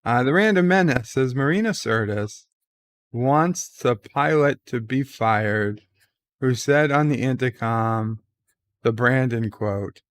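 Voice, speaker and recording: Brief: male stream host, mid-pitched, unhurried, reading comments, filler-heavy. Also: no room sound. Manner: many filler uhs, slow and relaxed. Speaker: livestream host. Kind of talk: casual chat reading viewer comments.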